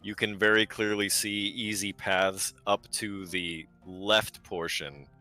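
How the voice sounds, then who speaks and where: A man narrating a tabletop game as game master, giving measured descriptions with casual asides. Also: lowish voice, fairly even intonation, bright, forceful tone, soft background music.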